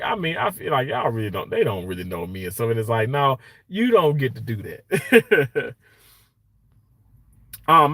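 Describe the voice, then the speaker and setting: Bright-voiced man chatting on a livestream. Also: mid-range voice, no room sound. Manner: reads viewer comments aloud and greets them; chatty, rambling with many fillers. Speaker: livestream host. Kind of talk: casual livestream chat. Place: hospital workplace.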